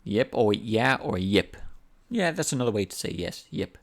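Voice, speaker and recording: A man's voice: lowish voice, very animated, moderate pace, gravelly. A man teaching an English lesson in a casual, patient way, repeating examples to explain them. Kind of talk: language lesson.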